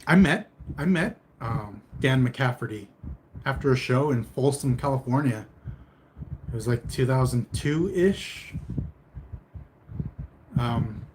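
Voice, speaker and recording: A man's voice: mid-range voice, animated, slow, long pauses, a little mellow, a little hiss or hum, low-quality recording. A man casually chatting with viewers on a livestream. He reads out their comments and answers them in a meandering, laid-back way with mild humor.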